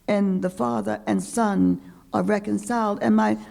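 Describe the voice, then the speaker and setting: An older woman reading her poems aloud in a lecture hall, slow and deliberate with a rhythmic pull. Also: medium pitch, steady tone, vocal fry, mellow. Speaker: poet reading her work. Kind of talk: poetry reading.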